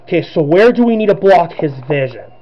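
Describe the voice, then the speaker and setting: A man's voice: sits high, sing-song, brisk, highs cut off, a little hiss or hum. A man giving chatty let's-play commentary, who laughs a lot and apologizes for his own voices. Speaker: gameplay commentator.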